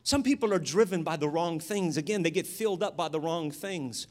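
High-voiced pastor preaching with fire. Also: male voice, animated, fairly quick. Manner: swings from quiet storytelling to shouted exhortation. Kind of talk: sermon.

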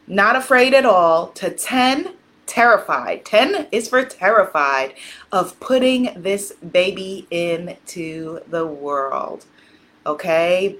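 A woman coaching a live tapping session, calmly guiding listeners and leading phrases for them to repeat, quiet and slow during the tapping rounds. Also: medium pitch. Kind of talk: guided tapping exercise on a live stream.

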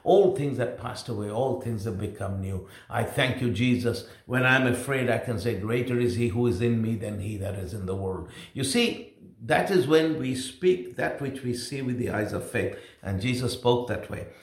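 Male preacher, mid-pitched voice, emphatic and repetitive, rising and dropping sharply, in a roomy echo. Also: normal speed. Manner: emphatic, repeats phrases, swings between loud exclamations and quiet asides. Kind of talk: sermon.

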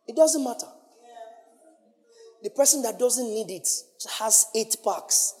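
A male preacher delivering a sermon, emphatic and playful, swinging from loud outbursts to hushed lines. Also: very high-pitched, animated, slow, pauses often. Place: church hall. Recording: long reverb of a large hall.

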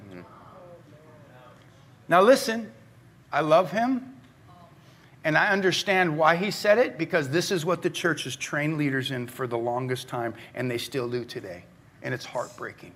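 A middle-aged male pastor preaching a sermon, telling stories in a conversational way that moves from animated to hushed. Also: high voice, moderate pace, creaky.

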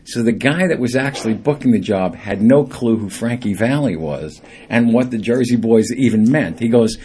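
A middle-aged man, a singer guest on a radio show, telling lively anecdotes and acting out the people in them. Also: medium pitch, moderate pace, slight background noise.

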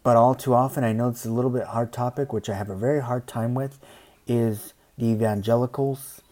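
A man speaking his mind in a casual monologue, rambling, saying "you know" often and acting out other people in quick asides. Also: medium pitch, mellow. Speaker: commentator.

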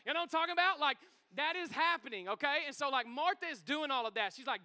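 A male pastor, preaching a sermon in a church in an excitable, energetic, joking way. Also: very high-pitched, brisk. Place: church sanctuary.

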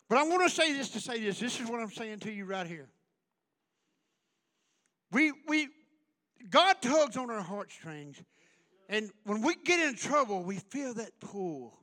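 A man preaching a fiery revival sermon, building into shouted, repeated runs in a church. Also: extremely high pitch. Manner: preaching in rising shouted runs, repetitive cadence. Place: church sanctuary.

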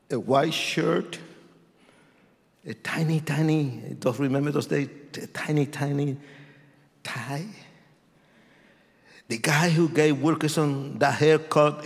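An older man preaches his testimony. His voice is rough and gravelly, and his delivery is slow, then bursts into shouting. Long reverb from a large hall trails behind each line. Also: a little high. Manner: animated, acts out voices, swings to shouts. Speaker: testimony speaker.

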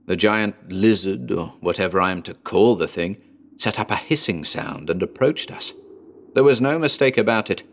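A man giving a measured, dramatic scripted narration of a horror story. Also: on the low side, a little hiss or hum. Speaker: audiobook narrator.

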